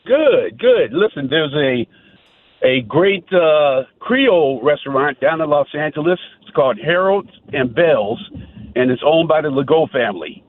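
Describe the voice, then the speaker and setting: A man calling in to a radio show, loud and enthusiastic, over a phone line. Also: fairly high pitch, lively intonation, measured pace. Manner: enthusiastic, loud, lists dishes. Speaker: caller. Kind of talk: phoning in to a talk show. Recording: dry tinny phone line.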